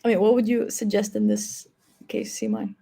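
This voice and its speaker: A woman's voice: mid-range voice, sing-song, moderate pace, gravelly, dark tone. A woman moderating a live webinar over a video call, reading audience questions in a casual way, full of "like" and "you know". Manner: casual, filler-heavy, says 'like' and 'you know'.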